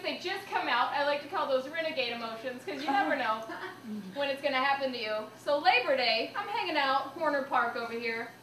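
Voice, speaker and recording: Animated high-voiced woman doing stand-up. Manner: animated, self-mocking storytelling with shouted punchlines. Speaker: stand-up comedian. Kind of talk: stand-up comedy set. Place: small comedy venue with audience. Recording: roomy, distant live recording with faint noise.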